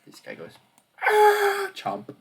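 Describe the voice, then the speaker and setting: A man narrating a tabletop game as dungeon master, relaxed and hesitant with fillers. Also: fairly low pitch, measured pace, breathy edge.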